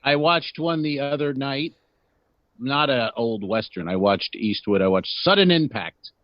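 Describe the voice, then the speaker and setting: A man's voice: medium pitch, lively intonation, measured pace, no room sound, dull audio. A man co-hosting a comedy podcast over a video call, joking around and acting out movie scenes. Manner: teasing, acts out movie lines in goofy voices. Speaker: podcast co-host. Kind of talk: casual comedic banter.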